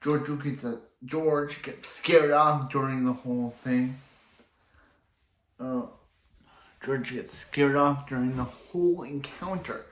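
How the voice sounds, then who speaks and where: A man talks through a TV episode in a loose, rambling recap, often stopping and restarting mid-sentence. His voice sits at an ordinary middle pitch. The room around him gives a noticeable echo. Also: fairly even intonation, takes it slowly, a bit bright. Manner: rambling, restarting often, quoting characters in passing. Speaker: TV episode reviewer.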